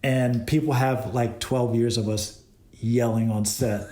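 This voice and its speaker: Cinematographer guest, lively storyteller, laughs a lot, voice a bit echoey. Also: male voice, medium pitch, measured pace. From Boston. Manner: animated, laughing, retells exchanges. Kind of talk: casual storytelling interview. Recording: roomy echo.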